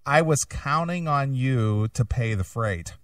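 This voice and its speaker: A man's voice: medium pitch, animated, slow, dry recording, clean studio sound, recorded from a distance. A man hosting a casual radio talk show, blunt and probing, repeating points for emphasis. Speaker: host.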